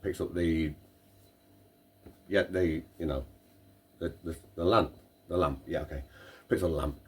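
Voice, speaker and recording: A man's voice: low-pitched, unhurried, a little mellow, breathy edge. A man hosting a podcast, telling a rambling joke in casual banter with playful interruptions. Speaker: podcast host.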